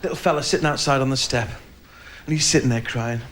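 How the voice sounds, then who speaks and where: A stand-up comedian from England with a northern English accent performs live in a comedy club, his medium-pitched voice brisk. He banters cheekily with the audience and acts out his characters' voices, with crowd and room noise in the recording.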